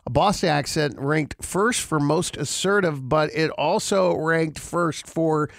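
A man's voice: fairly high pitch, measured pace, gravelly, a bit bright, no echo, studio quality. Upbeat man hosting radio banter. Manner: leads the segment, reading poll results with playful asides. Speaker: radio show host.

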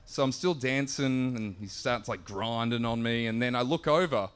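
A young Australian man telling a sweary, animated story on stage, laughing as he goes. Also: mid-range voice, normal speed, clear, resonant tone. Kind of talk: live stand-up storytelling.

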